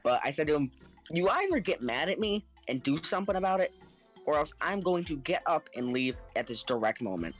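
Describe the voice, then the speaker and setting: A man telling a story in casual podcast chat, animated and acting out the people in it, laughing now and then. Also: fairly high pitch, a little fast, soft background music. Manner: animated, acts out the other people in his story; laughs between lines.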